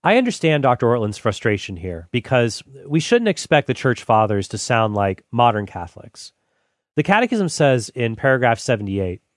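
A man reading old church writings aloud and commenting on them in a measured, deliberate way. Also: medium pitch, very animated, dry recording, clean studio sound. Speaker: Catholic apologist host.

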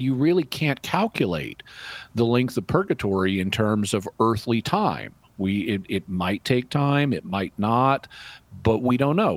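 A man's voice: mid-range voice, slightly rough, dry recording. A man answering a caller's question on a call-in radio show, reasoning through a point step by step. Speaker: radio show guest apologist.

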